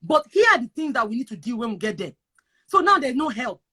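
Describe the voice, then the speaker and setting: A Nigerian woman with a high-pitched voice talks in casual chat. She is emphatic and repetitive, hammering her points home like a preacher. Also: very animated, quick pace, sharp tone, husky. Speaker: guest sharing advice on moving abroad.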